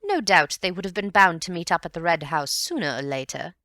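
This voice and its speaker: Fairly quick and sing-song, this woman's fairly low voice carries a sharp tone and an exaggerated quality. She portrays a middle-aged society mother in an audiobook, gossipy, self-important, gushing and indignant, speaking with emphasis. The studio sound is clean, with no echo.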